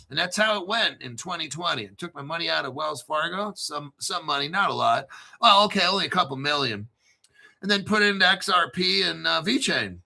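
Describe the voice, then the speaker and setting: A man with a gravelly voice chats casually with his audience. His talk is full of swearing and lively storytelling. His tone is sharp and bright and sits a little high for a man. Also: a little fast. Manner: profane, animated storytelling. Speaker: crypto channel host. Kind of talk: casual livestream chat.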